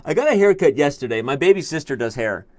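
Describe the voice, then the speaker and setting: He's a young chess-show host thinking out loud through a puzzle, casual and quick to laugh at himself during the live stream. His voice runs high, swings widely in pitch, and moves fast, with no echo.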